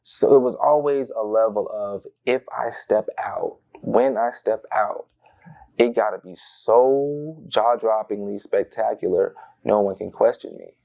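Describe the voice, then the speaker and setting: A young man from Tampa, Florida, telling personal stories as an interview guest, animated and acting out the voices of the people in them. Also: on the low side, a little slow, vocal fry. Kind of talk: casual personal storytelling.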